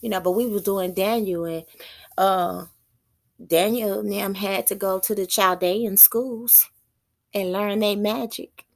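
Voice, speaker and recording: A woman giving an informal religious teaching, halting and repeating words as she thinks aloud. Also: medium pitch, fairly even intonation, creaky. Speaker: prophetess.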